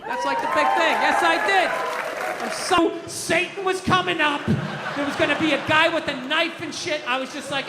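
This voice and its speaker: A man's voice: very high-pitched, a little fast. A man doing a stand-up comedy set, ranting in a profane, exasperated way. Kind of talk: stand-up rant. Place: comedy club stage. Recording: echoey club with crowd and noise.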